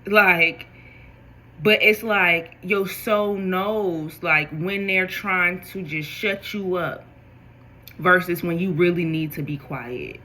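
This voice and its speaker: A woman giving a spiritual tarot reading, talking straight to her viewers in an animated way. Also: fairly low pitch, takes it slowly, poor audio. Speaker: tarot reader.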